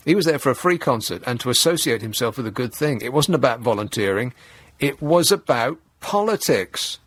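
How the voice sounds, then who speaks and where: A man's voice: mid-range voice, expressive, brisk, no room sound. A man hosting a radio talk show, mocking and sarcastic in tone and chuckling at his own jokes. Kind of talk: sardonic talk radio monologue. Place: radio studio.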